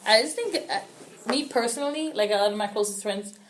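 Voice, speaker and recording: A woman's voice: fairly high pitch, a little fast, slight background noise, low-quality recording. Laughing woman podcast co-host. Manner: laughing, animated, restarts sentences. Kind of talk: casual chat.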